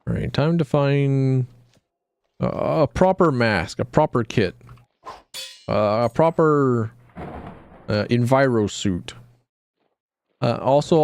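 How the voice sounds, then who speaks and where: A male streamer chatting casually over a game, with a lively, bouncing pitch. He jokes crudely and often trails off in the middle of a thought. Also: slow, long pauses, smooth. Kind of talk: casual gaming commentary.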